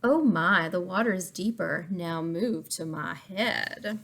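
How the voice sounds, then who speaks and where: A woman voicing a sly, hungry male fox who croons his words slowly and sweetly. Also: on the low side, a bit bright, exaggerated voice. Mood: insisting.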